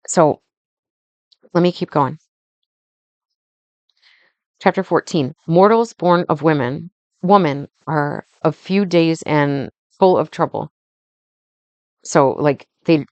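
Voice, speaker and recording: A woman's voice: low-pitched, a little mellow, no echo. A young woman hosting a faith podcast, reading scripture aloud and then talking it through in a loose, conversational way full of "like" and "um". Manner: loose and conversational, heavy on fillers like "like" and "um". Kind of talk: scripture reading with casual commentary.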